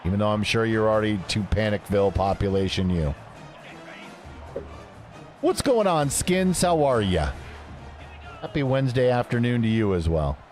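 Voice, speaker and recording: A man's voice: on the low side, sing-song, moderate pace, long pauses, a little mellow, faint music behind. A man chatting casually with his live-stream audience while playing a game, joking and reading chat messages aloud. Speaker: gaming streamer.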